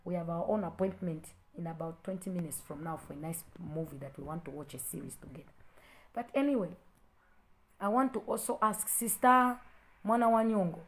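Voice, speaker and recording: Her pitch sits on the low side and she talks a little fast, addressing viewers on a live video. She is a Zambian mother of school-age children whose preaching is confrontational and repetitive. The recording quality is low.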